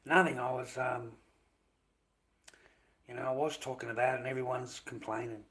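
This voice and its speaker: A man's voice: medium pitch, fairly even intonation, moderate pace, a bit bright. An Australian man ranting casually on his live stream, profane, rambling and dismissive.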